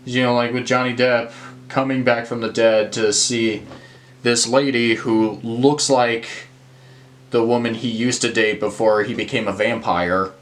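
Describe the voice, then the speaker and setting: A man's voice: mid-range voice, flat delivery, a little slow. Exasperated young man ranting about movies. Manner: exasperated, swears, many fillers. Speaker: movie reviewer. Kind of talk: casual ranking rant.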